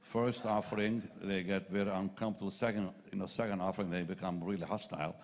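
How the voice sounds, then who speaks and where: An older man from Israel, a pastor preaching a sermon, telling a personal story in an animated, chatty way with asides to the crowd. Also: low voice, fast.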